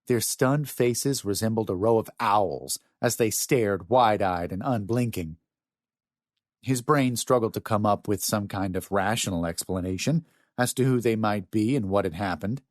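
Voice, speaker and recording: A male audiobook narrator with a lowish voice that rises and falls with lively storytelling. The recording is dry and close, with no room sound behind him. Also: dry recording. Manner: expressive storytelling. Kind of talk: scripted narration.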